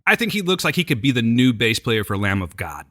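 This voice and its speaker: An American man co-hosts a podcast and runs through a TV episode recap at a quick clip. His voice is bright and his pitch swings widely as he jokes and needles his partner. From United States. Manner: animated, joking, teasing his co-host. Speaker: podcast co-host.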